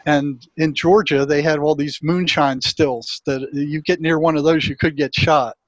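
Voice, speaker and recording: A man's voice: fairly high pitch, fairly even intonation, a little slow, no echo. An older man, a retired therapist, telling a long personal story in a rambling way and acting out his inner voices. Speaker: guest, retired psychotherapist. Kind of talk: storytelling in an interview.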